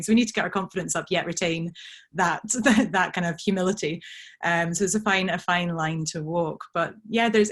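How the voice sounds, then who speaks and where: A woman with a slightly mixed Scottish accent, giving thoughtful, measured answers as an interview guest over a video call. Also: deep voice. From Scotland. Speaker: guest, brand director.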